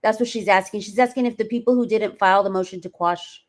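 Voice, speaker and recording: A woman in a relaxed commentary chat, chatty and loose, filling her pauses with ums. Her voice sits at an ordinary middle pitch for a woman. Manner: chatty, many ums, reads documents aloud.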